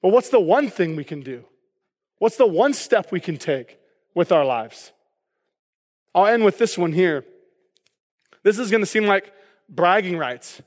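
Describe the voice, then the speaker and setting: A man's voice: sits high, very animated, measured pace, pauses often, big-room sound. A man preaching a sermon as pastor, casual and joking, often checking in with the congregation with "okay?".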